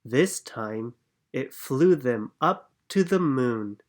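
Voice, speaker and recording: A reader narrating a children's picture book aloud in a calm, clear manner. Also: mid-range voice, slow. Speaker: storybook reader.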